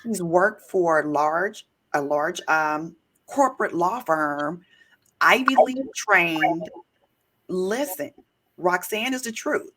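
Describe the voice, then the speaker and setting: A woman hosting an interview podcast, an attorney herself, talking in an emphatic, animated way and telling stories. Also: on the low side, slow pace, a little hiss or hum. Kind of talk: casual interview chat.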